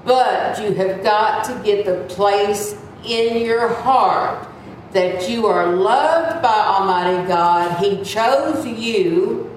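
A woman's voice: mid-range voice, slow. A woman in her seventies teaching Sunday school, earnest and chatty, sometimes acting out whiny voices. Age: 70s. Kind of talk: sermon. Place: church room. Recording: echoey room, mic at a distance, faint noise.

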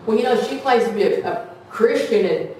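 A woman's voice: a little high, lively intonation, fairly quick, warm tone, slight background noise. A woman preaching a folksy sermon to a small congregation, sometimes acting out gossip in playful voices. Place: small church hall. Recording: echoey room from far off, faint ambience.

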